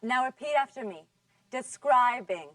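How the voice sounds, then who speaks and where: A woman teaching a scripted class, patient, stretching out model words slowly for the students to repeat. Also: on the high side, animated, far from the mic, heavy background noise. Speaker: English teacher.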